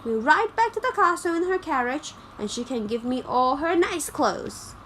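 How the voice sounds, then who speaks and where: A woman voicing a wild, bossy young robber girl who talks loud and fast. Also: sits high, expressive, a little hiss or hum, pitched above the performer's own voice, low-quality recording.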